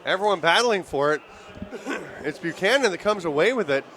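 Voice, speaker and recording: A man calling live lacrosse play-by-play in rapid, excitable bursts that rise on goals, his voice worn and giving out. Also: high voice. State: voice giving out, throat clearing. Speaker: play-by-play commentator.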